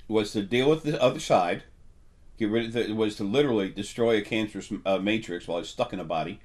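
A middle-aged man hosts an unscripted spiritual talk, his voice sitting a little low. He rambles and halts, piling up fillers and restarting his sentences. Now and then his voice catches with emotion.

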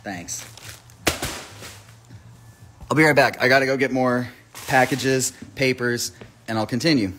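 A man with a mid-range, fairly bright voice speaks a little slowly and pauses often, with slight background noise, during a phone live stream. He's a musician streaming a merch live, rambling with lots of "like" and reading out viewers' names and hometowns.

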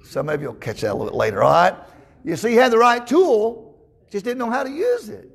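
Guy preaching a sermon, kinda high voice, lots of stumbles and "all right?" asides. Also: sing-song, fairly quick, creaky, slightly rough. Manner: folksy storytelling, frequent stammered restarts.

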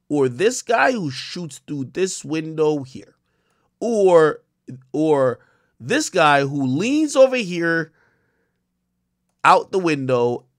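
A man with a fairly high voice and lively swings in pitch breaks down on-screen footage in casual commentary. He leans on heavy slang and profanity and keeps his delivery emphatic. The sound is close and dry, with no room echo. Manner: walks through on-screen footage, talking to viewers.

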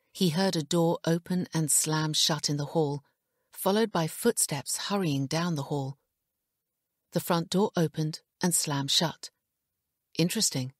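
A woman reading an audiobook as narrator in a steady, even storytelling manner. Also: sits low, dry recording, clean studio sound. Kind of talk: scripted narration.

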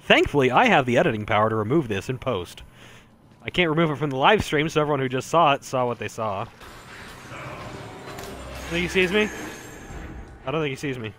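Slightly noisy audio carries this man's medium-pitched, fairly bright voice as he streams a horror game, his intonation lively and his pace fairly quick despite long pauses. Tipsy and winded, he yelps and curses when startled and fills the gaps with jokey asides.

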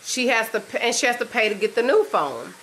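A woman's voice: a little high, sing-song, fairly quick, a bit bright, slight background noise. A woman with a Texan accent, chatting at home in a playful, teasing vlog style and laughing often. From Texas. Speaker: vlogger. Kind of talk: casual family chat.

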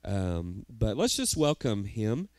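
Low mellow-voiced pastor introducing a guest. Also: male voice, sing-song, takes it slowly, no echo. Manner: rambling, lots of fillers. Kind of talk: church announcement. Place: church sanctuary.

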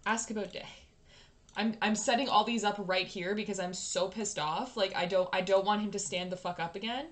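A woman's voice: mid-range voice, fairly even intonation, normal speed. A young woman from Canada giving casual gameplay commentary, swearing freely and ranting at the game. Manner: swears a lot, rants at the game in exasperation. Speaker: gaming YouTuber.

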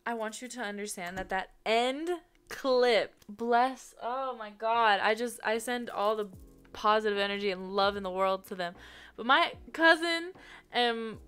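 Chatty young woman, smooth clear voice. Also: a little high, measured pace, fairly bright tone, soft background music. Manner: chatty and effusive, bursts of laughter. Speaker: singer reacting to her own music video. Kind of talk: casual chat.

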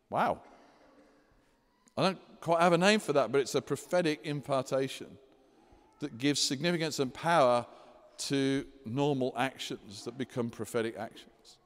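A man preaching a sermon as a pastor, lively and animated, acting out scripture scenes. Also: medium pitch, normal speed, long reverb tail. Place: church hall.

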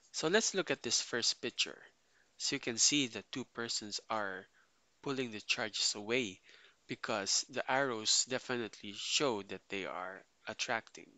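A man explains a physics lesson to his students in a plain, steady teaching voice. His tone is bright and forward. He is recorded close on a dry mic with no room sound, stopping now and then to stress a key term. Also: medium pitch, dry recording, rough recording.

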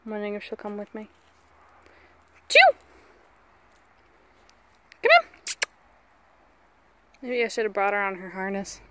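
A woman's voice: medium pitch, fairly even intonation, unhurried, long pauses, background noise. A woman from the American South walking her dog in the woods, chatting casually and coaxing it in baby talk. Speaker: vlogger. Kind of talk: casual outdoor vlog. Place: outdoors in rural woods.

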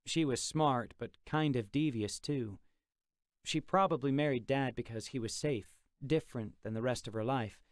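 A man reads a first-person audiobook in a calm, reflective, conversational way. His voice sits mid-range and is recorded dry and close, with no room around it. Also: mid-range voice, normal speed, no room sound. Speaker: audiobook narrator.

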